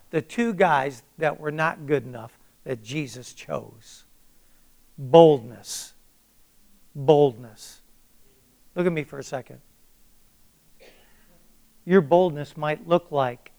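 An older man preaching a sermon, reading scripture with booming emphasis and then telling a personal story in a plain, conversational way. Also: measured pace, long pauses.

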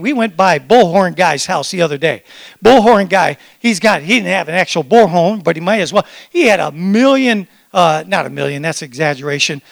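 A man who is a pastor, preaching an animated sermon and calling on his congregation to respond. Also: high-pitched, creaky. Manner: animated, excitable preaching with audience call-and-response.

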